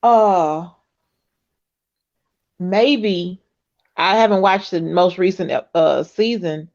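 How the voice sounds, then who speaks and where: A woman guest in a casual video chat who talks hesitantly with many fillers and quick agreements. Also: lowish voice, a little mellow. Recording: muffled call audio.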